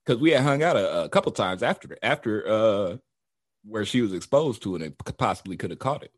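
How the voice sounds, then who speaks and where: A man's voice: on the low side, animated, fairly quick, dry recording, studio quality. A young adult man co-hosting a casual chat, telling stories in a laid-back, profane way. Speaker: podcast co-host.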